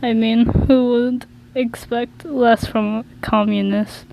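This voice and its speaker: A woman's voice: on the high side, steady tone, slow, vocal fry, a little mellow, slight background noise, poor audio. A woman voicing a defiant young man who insults and swears bluntly, reading a fan story aloud.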